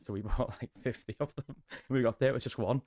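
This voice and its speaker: A man's voice: mid-range voice, fast, darkish tone, dry recording, studio quality. A man with a Liverpool Scouse accent, a podcast guest telling stories in casual chat, sweary and chatty. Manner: sweary, chatty storytelling with laughs.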